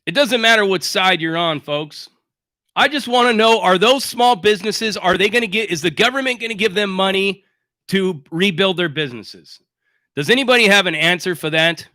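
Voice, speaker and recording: A high, bright-voiced man holds forth on a livestream, blunt and sarcastic, swearing freely. The sound is dry and close, with no room around him. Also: normal speed, dry recording. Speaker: livestream host. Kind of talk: casual livestream rant.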